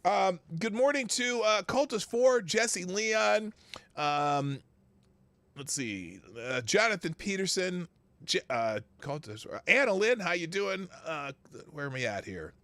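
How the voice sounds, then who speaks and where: Male livestream host, chatty, higher-pitched, lively delivery, dry room. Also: takes it slowly, no room sound. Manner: chatty, laughs to himself, reads names off chat. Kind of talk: casual live-chat greetings.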